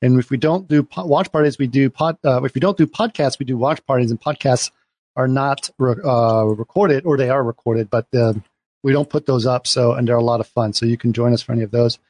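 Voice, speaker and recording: A man's voice: mid-range voice, brisk, a little mellow. A man hosting a casual watch-party podcast, retelling a show's plot in a rambling way with many restarts. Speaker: podcast host.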